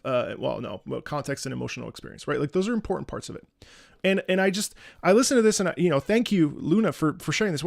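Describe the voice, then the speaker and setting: A man's voice: on the high side, gravelly, no room sound, clean studio sound. A man chatting casually on a music livestream, earnest and rambling, often repeating words and restarting, with the odd swear. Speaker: streamer reacting to music.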